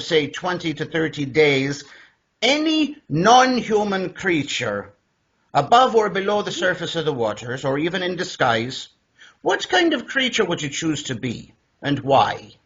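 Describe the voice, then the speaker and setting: A man hosting a podcast interview, playful and storytelling, often stumbling over his words, with a husky voice, recorded in dull lo-fi. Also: a little high, very animated, a little slow, a bit bright. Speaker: podcast host.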